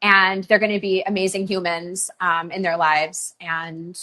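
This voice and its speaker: A woman hosting a live shopping stream for roses, chatting casually with lots of fillers and pauses. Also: fairly low pitch, level tone, sharp tone. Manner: chatty, many fillers, emotional at times. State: tearful. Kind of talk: live sales stream chat. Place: rose farm, humid.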